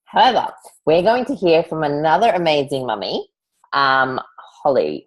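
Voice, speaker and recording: A woman with a low voice hosts an online event over a video call. She is chatty and warm toward her guests and calls them honey and darling. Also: lively intonation, normal speed, poor audio.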